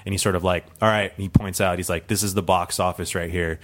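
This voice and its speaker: A man's voice: low-pitched, steady tone, a little fast, a bit bright. A man telling a long true story with many fillers, laughing now and then and acting out the other people in it. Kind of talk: storytelling for a live audience.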